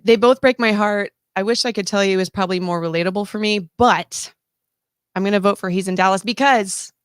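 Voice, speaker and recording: A woman's voice: medium pitch, brisk, smooth, dry recording, clean studio sound. A woman guest chatting casually in a rambling, talkative way. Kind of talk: casual chat.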